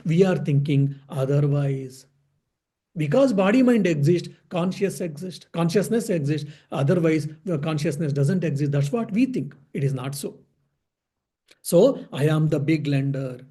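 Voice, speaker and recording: A man's voice: a little high, dark tone, husky. A man, a monk, giving a spiritual discourse on Vedanta, explaining patiently, asking and answering his own questions and repeating key phrases.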